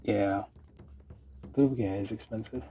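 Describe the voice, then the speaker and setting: A man's voice: fairly low pitch, steady tone, takes it slowly. A man casually thinking aloud with many fillers as he builds a model kit on a livestream, talking half to himself. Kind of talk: casual talk while building. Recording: music playing under the voice. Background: background music.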